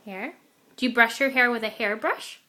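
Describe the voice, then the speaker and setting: A mother patiently coaxing her toddler to repeat words, saying each one slowly and clearly at home. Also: fairly high pitch, pushed and bright. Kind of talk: coaching a toddler to speak at home.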